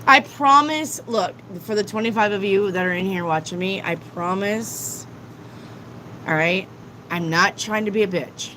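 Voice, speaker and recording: A woman's voice: medium pitch, a little slow, sharp tone, slight background noise, low-quality recording. A woman tarot reader on a live stream, lecturing her viewers bluntly and swearing often.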